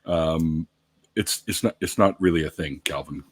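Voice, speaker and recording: A man hosting a casual chat show, talking in a jokey, animated way and swearing freely. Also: very deep voice, normal speed, breathy edge. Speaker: podcast host.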